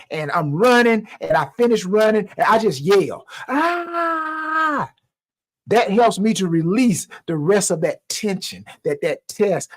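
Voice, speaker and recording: A man with a fairly high voice delivers a motivational talk on mental health. He is animated and preacher-like and repeats key lines for emphasis. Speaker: motivational speaker.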